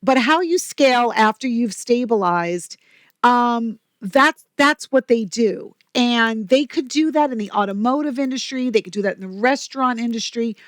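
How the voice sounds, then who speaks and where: A woman guest on a podcast, telling stories in an energetic, chatty way with quick asides. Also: a little high, no room sound, studio quality. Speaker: podcast guest, company president. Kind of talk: casual interview talk.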